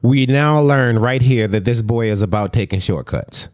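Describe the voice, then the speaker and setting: A man co-host in casual podcast chat, with a mid-range, unremarkable pitch. He interjects with doubting questions and dry asides while his co-host tells the story. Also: normal speed, a little mellow. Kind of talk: casual reality-TV recap chat.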